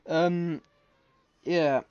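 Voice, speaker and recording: Excitable man commentating a race. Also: a little high, extremely slow, clear, resonant tone. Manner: excitable, often corrects himself mid-sentence. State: scratchy throat, coughing. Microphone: desk microphone. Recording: slightly muffled lo-fi mic.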